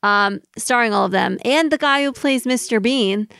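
A woman's voice: on the high side, normal speed, gravelly, fairly bright tone, clean tone, no echo, studio quality. A woman co-hosting a podcast in casual chat, talking freely with lots of little fillers. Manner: chatty, many fillers, laughs along. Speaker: podcast co-host.

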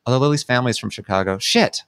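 A man's voice: medium pitch, quick pace, noisy background. A man from Washington state, a podcast guest in casual chat, joking and self-deprecating.

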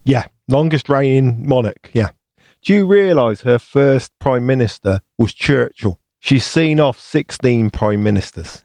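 Wry British correspondent. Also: male voice, medium pitch, expressive, a little slow, darkish tone, no room sound. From United Kingdom. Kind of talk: casual chat.

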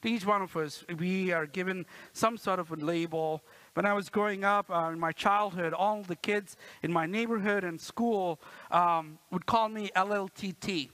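Bright, high-voiced pastor preaching casually. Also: male voice, normal speed, no room sound, poor audio. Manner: conversational, keeps asking the congregation "right?"; playful, acts out quotes with a raised voice. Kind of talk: sermon. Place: church.

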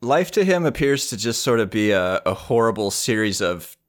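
A man with a lowish voice co-hosting a relaxed podcast discussion. He adds dry, quick asides and builds on his partner's points. The tone stays conversational throughout. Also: soft background music. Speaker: podcast co-host. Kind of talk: casual chat.

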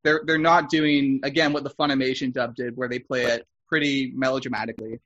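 A man's voice: medium pitch, little pitch movement, brisk, fairly bright tone, dull audio. A man co-hosting a casual podcast who steers the talk and often stammers as he restarts sentences. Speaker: podcast co-host.

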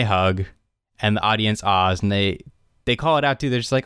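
Young male podcast co-host, animated recap, smooth clear tone, dry close sound. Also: on the low side, moderate pace, no room sound. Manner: animated retelling, quotes characters in raised voices. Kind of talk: casual chat.

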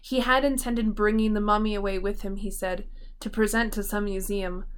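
A woman's voice: mid-range voice, smooth. Woman reading a horror tale aloud. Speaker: narrator.

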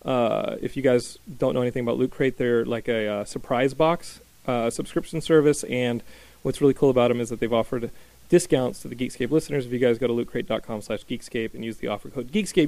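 A man hosting a casual podcast chat in a small studio, energetic and rambling with many fillers. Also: mid-range voice, quick pace, vocal fry, no echo. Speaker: podcast host. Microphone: studio microphone.

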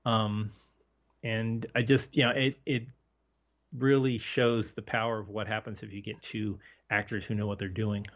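Halting man guesting on a film podcast. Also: lowish voice, level tone. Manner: halting, many fillers and restarts. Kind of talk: casual film podcast chat. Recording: dull lo-fi audio.

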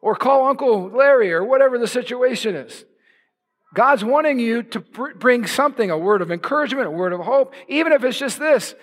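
A male pastor preaching a sermon with passion, building to shouts for emphasis. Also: very high-pitched, lively intonation, fairly quick. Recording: long hall reverb.

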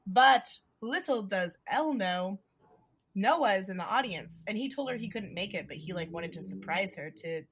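A woman recapping a movie in casual chat, animated and swearing often, acting out the characters' lines as she goes. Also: medium pitch, normal speed, slightly rough.

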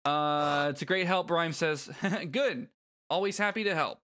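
A man's voice: a little high, a little slow, pushed and bright. A man co-hosting a casual podcast, reading game dialogue aloud and joking with profanity. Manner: profane, jokey, laughs often. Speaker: podcast co-host.

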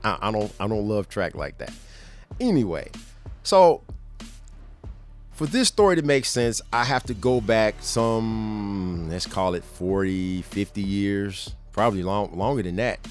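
A man's voice: unhurried, faint music behind. A middle-aged man hosting a podcast, telling a story in a casual way, laughing often and acting out the lines of the people in it. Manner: animated, acts out quotes with raised pitch. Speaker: podcast host.

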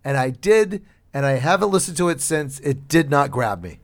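A middle-aged man hosts a podcast, chatty and teasing, and he laughs often. His voice sits a little higher than most men's. He runs the talk loosely and quickly. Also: lively intonation. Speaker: podcast host. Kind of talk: casual chat.

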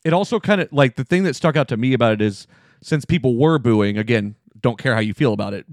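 A man's voice: mid-range voice, animated, fast, no room sound. A man co-hosting a podcast, chiming in with short dry quips during casual chat. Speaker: podcast co-host.

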